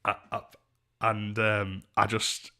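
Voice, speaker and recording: A man's voice: fairly low pitch, monotone, slow pace, pushed and bright. A young man, a streamer telling a rambling, sweary story in casual chat.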